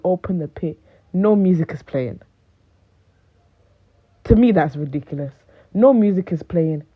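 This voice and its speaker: A woman in her late teens chatting casually to camera, animated and rambling with lots of fillers. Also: lowish voice, slightly rough. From United Kingdom. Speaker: vlogger. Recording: phone-like thin sound.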